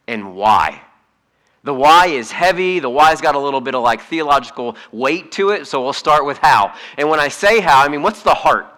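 Bright, animated male pastor. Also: mid-range voice. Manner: conversational, animated, with frequent fillers and restarts. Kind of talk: casual sermon.

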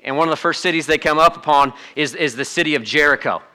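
A man preaching a sermon in a conversational, animated way, acting out quotes and asides to the congregation. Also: fairly high pitch, quick pace. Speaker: pastor.

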